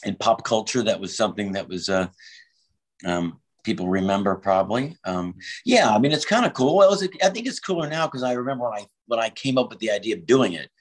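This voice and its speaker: A man's voice: fairly low pitch, expressive, fairly quick, low-quality recording. A man in his fifties, a comedian telling road stories in a casual interview, acting out the voices he quotes and swearing freely. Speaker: prop comedian, guest.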